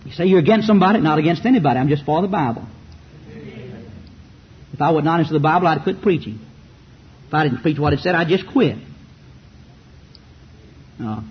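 Southern male preacher, fiery and mocking, high-pitched, muffled recording with light hiss. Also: animated, a little fast, pauses often. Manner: fiery, rhetorical, mocking asides. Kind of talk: sermon.

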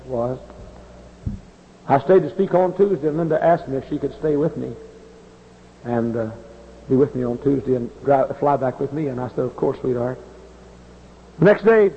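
A man in his forties, a pastor, preaching a sermon that moves from folksy storytelling to loud impassioned outbursts. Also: mid-range voice, husky. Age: 40s. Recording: dull old recording in a large reverberant hall.

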